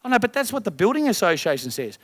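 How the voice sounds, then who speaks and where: A man's voice: sits high, quick pace, no room sound, studio quality. A man coaching a group of business owners, blunt and swearing, firing rhetorical questions. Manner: energetic, rising loud at the end.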